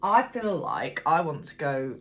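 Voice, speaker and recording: Lively, blunt woman doing tarot. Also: low-pitched, a little slow, over loud music. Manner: chatty, blunt, swears freely; thinks aloud, talks to viewers. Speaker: tarot reader. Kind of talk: casual tarot card reading.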